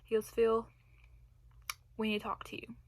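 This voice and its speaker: A woman's voice: on the high side, completely flat delivery, very fast, breathy edge, no room sound. A young woman telling a personal story in a casual vlog, rambling and laughing between phrases. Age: young adult. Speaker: vlogger.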